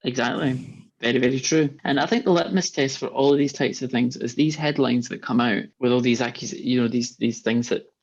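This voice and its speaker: Male co-host, gravelly voice, emphatic indignant chat, dull lo-fi sound. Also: mid-range voice, a little fast. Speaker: podcast co-host. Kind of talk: casual political chat. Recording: dull lo-fi mic.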